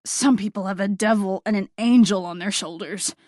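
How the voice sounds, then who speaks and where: A woman's voice: mid-range voice, moderate pace, a little mellow, no room sound, studio quality, lightly acted. A woman doing a flustered, apologetic young man. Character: apologetic rambling young man with a sweet tooth.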